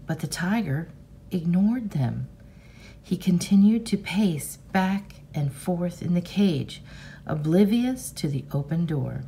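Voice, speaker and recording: A teacher reading a novel aloud to her class in a measured, expressive storybook manner. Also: lowish voice, slight background noise.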